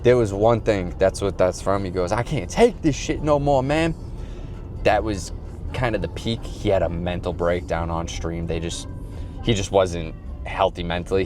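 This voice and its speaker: A man's voice: low voice, darkish tone. A man chatting casually as a podcast host, telling a rambling, profane story and acting out quotes. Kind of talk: casual chat.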